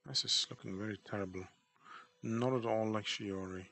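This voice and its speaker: A man's voice: on the low side, steady tone, moderate pace, creaky, fairly bright tone, a little hiss or hum. A man chatting casually while drawing on stream, rambling and self-deprecating about his work. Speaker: artist streamer.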